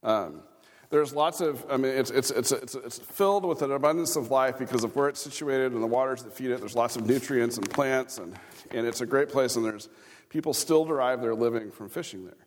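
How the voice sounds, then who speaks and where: In a reverberant church hall recording with slight background noise, a man from Kansas preaches in a mid-range, brisk voice. He's a pastor giving a conversational sermon in the sanctuary, chuckling in asides and asking the congregation questions.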